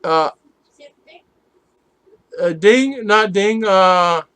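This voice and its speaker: A man's voice: high voice, very slow, pushed and bright, clear, resonant tone, dry recording. A man hosting a casual live stream, rambling and chatting with viewers, laughing often as he reads their comments.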